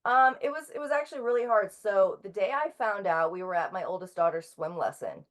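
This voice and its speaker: A woman in her thirties, a guest author talking casually in an interview, halting with frequent ums and restarts. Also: mid-range voice.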